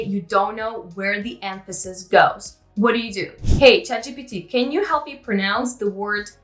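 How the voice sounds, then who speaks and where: A woman's voice: fairly high pitch, bright, forceful tone. A woman explaining language-learning tips step by step to camera. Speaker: English learning vlogger. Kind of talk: tutorial talk to camera. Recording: roomy echo with faint music.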